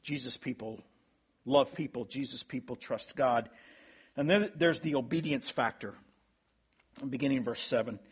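A man's voice: medium pitch, normal speed, pauses often, breathy edge. A man as pastor, preaching a sermon in an earnest way with emphatic rising peaks.

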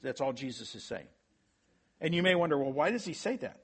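A man's voice: a little high, lively intonation, brisk, vocal fry, slightly rough. A man as pastor, preaching a sermon in an earnest way with emphatic rising peaks.

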